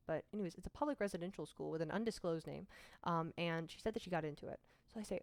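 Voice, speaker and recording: A woman's voice: fairly low pitch, fast, no room sound. A young woman from Mississippi telling her personal story to camera in a candid, frank, conversational way, with self-deprecating asides. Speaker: vlogger.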